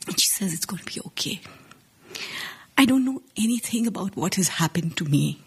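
Husky-voiced Indian woman telling a story. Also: mid-range voice, a little mellow. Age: 40s. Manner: earnest, measured, with small restarts. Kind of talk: live first-person storytelling. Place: stage before a live audience.

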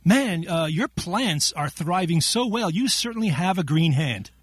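Man, quiz host, jokey, laughs often, high lively voice, husky. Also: a little slow, no room sound. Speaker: quiz segment contributor. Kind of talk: playful quiz hosting.

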